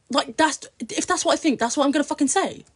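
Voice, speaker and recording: A young British woman, an influencer guest, chatting bluntly and profanely on a podcast, swinging from low mutters to loud outbursts. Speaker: social media influencer guest. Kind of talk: casual podcast chat.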